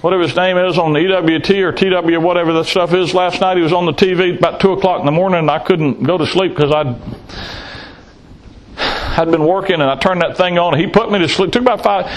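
Man, preacher, sermon, high voice, folksy, blunt, rhetorical questions. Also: fast talker, poor audio. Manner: folksy, blunt, teasing the congregation.

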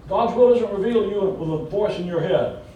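A Southern US preacher, a man with a slightly high but mellow voice, delivers a folksy, emphatic sermon with joking asides. He is picked up from a distance, so his words ring through a very echoey church hall. A faint rumble sits underneath. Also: fairly quick, dull audio. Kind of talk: conversational sermon.

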